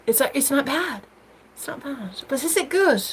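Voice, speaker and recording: A young American woman hosts a casual livestream, reading comments and chatting with viewers in a bubbly, giggly, teasing way, swinging between loud squeals and murmurs. Her voice is high, with a little hiss or hum.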